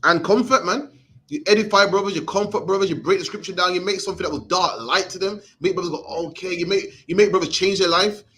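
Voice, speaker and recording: A man's voice: high voice, fast, bright, forceful tone, slight background noise. A young man with a Birmingham accent teaching a scripture class in a streetwise, conversational way, often ending phrases with "man". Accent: Birmingham English.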